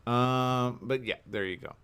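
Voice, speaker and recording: A man hosting a casual radio morning show, animated and jokey, with big jumps in pitch for emphasis. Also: unhurried, background noise. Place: radio studio.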